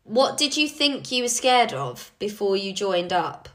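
A woman's voice: mid-range voice, sing-song, unhurried. A young woman leading her team in a casual motivational talk, chatty and encouraging, with frequent fillers. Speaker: team leader.

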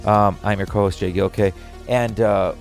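Low, gravelly man joking on a podcast. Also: steady tone, moderate pace, faint music behind. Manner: joking, profane, loose. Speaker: podcast co-host. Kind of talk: casual podcast banter.

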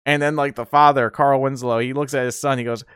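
Rambling man with a smooth voice. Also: mid-range voice, fairly even intonation, brisk, fairly bright tone, no echo, studio quality. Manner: rambling, laughs often, many fillers. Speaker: streamer podcast host. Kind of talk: casual nostalgic chat.

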